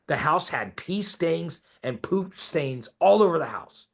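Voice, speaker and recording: A man's voice: a little high, lively intonation, measured pace, gravelly. A man coaching a group of real estate agents, talking emphatically and pressing his listeners with questions for agreement.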